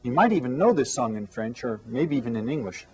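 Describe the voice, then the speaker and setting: A man teaching an elementary Spanish lesson to children, with slow, clear, patient speech that switches between English and Spanish. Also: medium pitch, big pitch swings, a little mellow, a little hiss or hum.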